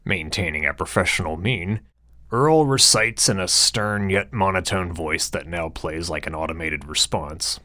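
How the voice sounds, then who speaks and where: Man narrator, very low, bright tone, crude and sardonic. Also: measured pace, no echo, clean studio sound. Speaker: audiobook narrator. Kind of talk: scripted narration.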